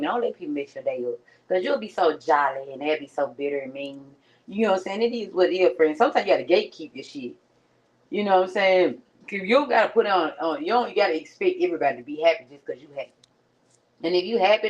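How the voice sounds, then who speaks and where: A woman's voice: fairly low pitch, rough recording. A young woman vlogger giving a casual motivational talk at home, slangy and conversational, often calling her viewers friend. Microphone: streaming setup.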